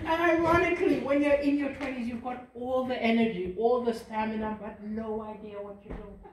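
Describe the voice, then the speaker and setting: A man in his forties performing a stand-up comedy set, animated and shouting punchlines loudly. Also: extremely high pitch, a little fast, noisy background. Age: 40s. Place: live comedy venue with audience. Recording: echoey live room, distant mic, loud crowd laughter.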